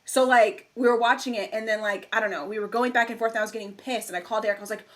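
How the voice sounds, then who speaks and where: A young woman co-hosting a casual podcast races through a story in a slightly high voice. She tells it with animation, acting out plenty of the quotes as she chats.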